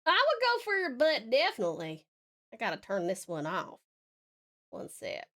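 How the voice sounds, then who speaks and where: A woman with an Australian accent, chatting casually on a live art stream, laughing often and muttering softly as she draws. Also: on the high side, huge pitch swings, moderate pace. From Tasmania, Australia. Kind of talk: casual live-stream chat while drawing.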